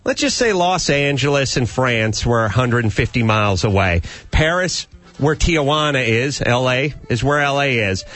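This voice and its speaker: A man hosts a talk radio show from a studio, ranting emphatically and firing off sarcastic rhetorical questions in banter. His mid-range voice is expressive and fairly bright at a moderate pace, with soft music in the background.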